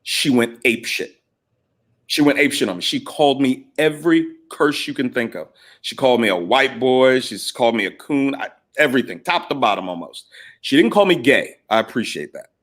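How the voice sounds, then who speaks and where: A middle-aged man telling stories in a casual chat, animated and acting out both sides of past arguments. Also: medium pitch, a little fast. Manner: animated, retells arguments in quoted voices. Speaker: podcast guest. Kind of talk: casual storytelling.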